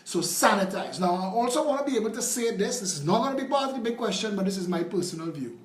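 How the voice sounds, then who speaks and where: A man's voice: high voice, sing-song, quick pace, echoey room. A man with a Trinidadian accent hosting a political call-in show, combative and sarcastic. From Trinidad and Tobago. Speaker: political talk show host.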